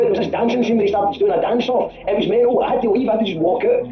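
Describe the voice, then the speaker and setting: A man's voice: high voice, racing, lo-fi sound, music in the background. A man making a comic complaint call, exasperated and ranting, repeating himself. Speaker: caller.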